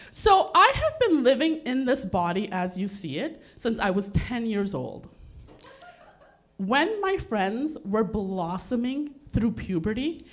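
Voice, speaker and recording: Lively, laughing female stand-up comic. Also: fairly high pitch. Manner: self-deprecating, laughing through lines. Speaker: stand-up comedian. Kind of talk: stand-up comedy set. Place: comedy club stage.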